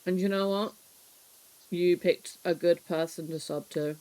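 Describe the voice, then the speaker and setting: A streamer in their thirties talks to viewers in a loose, casual ramble, swearing freely and laughing often. The telling is animated and nostalgic, and the voice sits at an ordinary middle pitch. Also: unhurried, poor audio. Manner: reminiscing, animated storytelling. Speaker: live streamer. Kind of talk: casual chat while cleaning on stream.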